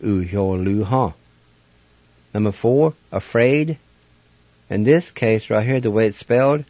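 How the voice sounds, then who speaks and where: A man's voice: fairly low pitch, dark tone, no room sound, dull audio. A man hosting a radio language lesson, patiently spelling words letter by letter and sounding them out. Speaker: language teacher and radio host. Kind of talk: slow spelled-out pronunciation lesson.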